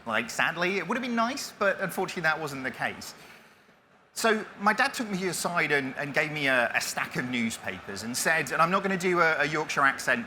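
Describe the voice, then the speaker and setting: A man's voice: on the high side, pushed and bright, a little hiss or hum. A man in his forties giving a self-deprecating conference talk, with many restarts as he tells his story. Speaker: keynote speaker. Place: conference stage.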